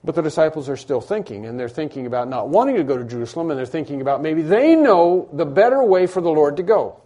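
Emphatic man preaching, mellow voice. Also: a little high, lively intonation, fast. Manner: emphatic, repeats key phrases, acts out imagined dialogue. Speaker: pastor. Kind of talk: sermon. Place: church room with congregation.

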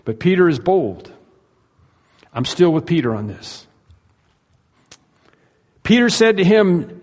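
A man's voice: fairly high pitch, sing-song, unhurried, long pauses, a little mellow, in a large hall. A male pastor preaching a sermon in an earnest, emphatic way, asking his listeners rhetorical questions.

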